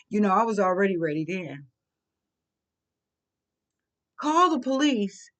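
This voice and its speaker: Animated middle-aged woman telling a story. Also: mid-range voice, normal speed. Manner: animated, emphatic, colloquial. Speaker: vlogger. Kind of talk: personal storytelling.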